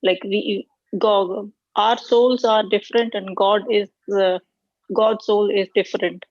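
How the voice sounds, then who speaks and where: A woman student answers her teacher on an online call. She speaks slowly and in a flat tone, with hesitant pauses. Her audio sounds dull and dry. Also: medium pitch, no room sound. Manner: hesitant, with many pauses and fillers.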